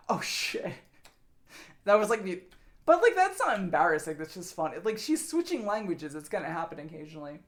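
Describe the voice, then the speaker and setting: A young adult woman streamer chatting casually with her viewers, rambling and swearing freely. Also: medium pitch.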